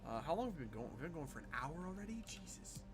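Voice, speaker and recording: With music going behind him, a man talks rapid-fire during his gaming stream, his slightly high voice swinging widely in pitch. The chat is casual and rambling, full of sarcastic jokes, replies to viewers, and restarts.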